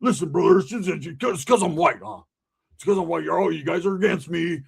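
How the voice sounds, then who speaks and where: A man putting on a loud, paranoid tweaker who keeps pleading. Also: a little high, quick pace, gravelly, husky, full character voice. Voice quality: loud, whiny, insistent.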